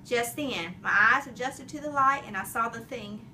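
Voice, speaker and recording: A woman narrating a children's chapter book in an expressive, animated storytelling way. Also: fairly high pitch, moderate pace, distant mic, slight background noise. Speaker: audiobook reader.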